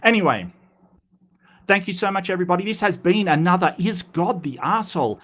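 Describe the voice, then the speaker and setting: A man's voice: high voice, lively intonation, a bit bright. Australian male streamer, blunt and wry, stop-start delivery, answers chat live. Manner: halting, many restarts, blunt and wry. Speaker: host of a live commentary stream.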